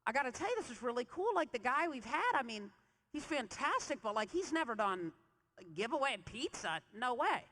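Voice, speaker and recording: A woman voicing a bubbly young female apartment manager, gushing and excited, in a bright voice with long hall reverb. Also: high-pitched, normal speed, heavily acted.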